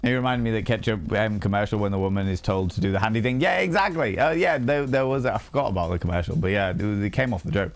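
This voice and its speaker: Casual male streamer, chatty and sweary, bit low-pitched, quiet music in the background. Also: fast talker, few pauses. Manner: chatty, loose, swears casually, frequent fillers. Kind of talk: casual chat reading and answering live chat.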